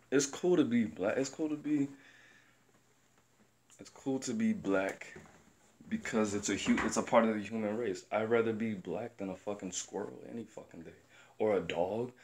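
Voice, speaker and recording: A man's voice: lowish voice, unhurried, pauses often, darkish tone, slight background noise. Young man, from the Chicago area, casual rant, blunt, profane, rambling. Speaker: commentator.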